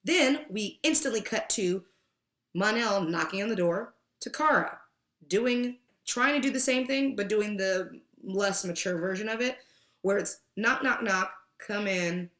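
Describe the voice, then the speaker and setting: A woman's voice: mid-range voice, a little slow, echoey room. A woman co-hosting a TV review podcast, chatting casually and acting out characters' lines as she recaps. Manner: animated, acts out the characters' lines. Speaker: podcast co-host.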